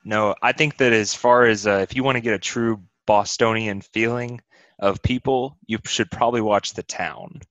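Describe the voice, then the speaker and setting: A man's voice: lowish voice, fairly even intonation, normal speed, a bit bright, no echo, muffled recording. A man co-hosting a podcast, giving wry, opinionated takes in casual chat. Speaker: podcast co-host.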